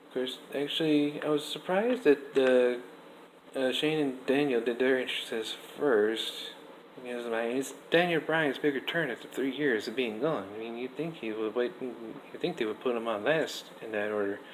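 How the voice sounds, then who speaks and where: A young man giving a casual, rambling wrestling review, restarting sentences often and getting animated. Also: mid-range voice, moderate pace, low-quality recording. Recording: faint background noise.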